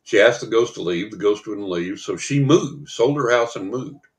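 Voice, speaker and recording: An older man, a psychic guest in an interview, telling anecdotes in a lively way and acting out the people in them. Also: fairly low pitch, moderate pace. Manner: lively storyteller who acts out the people in his anecdotes. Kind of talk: storytelling in a podcast interview.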